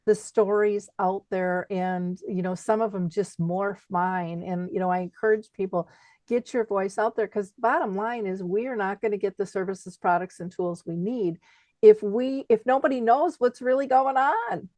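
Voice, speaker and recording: Woman host, lively and expressive, laughs a lot, mid pitch, dry close sound. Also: normal speed, no echo. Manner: animated, expressive, laughs easily. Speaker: podcast host. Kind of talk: conversational interview.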